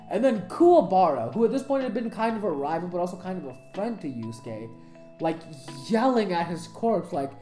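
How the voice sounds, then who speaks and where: Excitable, profane woman fan commentator. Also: on the low side, a little fast. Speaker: anime commentator. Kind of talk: casual commentary. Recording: echoey room, faint music.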